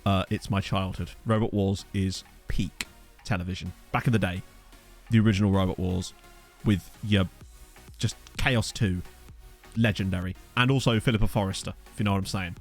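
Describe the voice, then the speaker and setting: A man's voice: low voice, fairly even intonation, moderate pace, faint music behind. A man doing live-stream commentary on a game, chatty and giggly, swearing freely into a desk microphone. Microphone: desk USB condenser mic.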